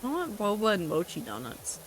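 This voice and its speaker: A woman's voice: mid-range voice, wildly swooping pitch, a little fast, soft background music, poor audio. A woman streaming a game, chatting casually with her chat in a wry, talkative way and swearing now and then. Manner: chatty, wry, reacting to chat with asides and profanity.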